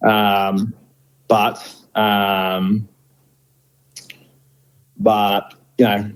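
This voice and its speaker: Extremely slow and level, this fairly low, clear and resonant voice belongs to a middle-aged Australian man, a guest who works as a firefighter station officer. He's blunt and outspoken in the candid interview, filling it with fillers, and the recording is rough.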